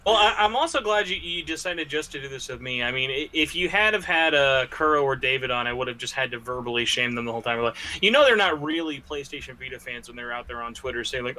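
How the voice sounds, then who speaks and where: Male podcast guest, middle pitch, bright voice, chatty and rambling. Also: fast talker, few pauses. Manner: rambling, filler-heavy, joking. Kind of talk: casual podcast chat.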